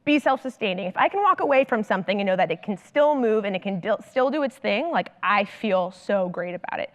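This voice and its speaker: A woman in her thirties, a consultant and coach, giving a conference talk in an animated storytelling manner with lots of "like". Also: fairly high pitch. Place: large conference hall. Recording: long hall reverb from stage.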